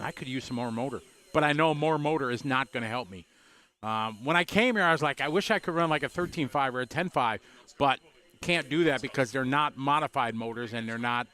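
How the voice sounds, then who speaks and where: Chatty man with a smooth, higher voice. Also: bright, forceful tone. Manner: chatty, greets viewers by name, loose and rambling. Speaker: race commentator and driver. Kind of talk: casual live race commentary.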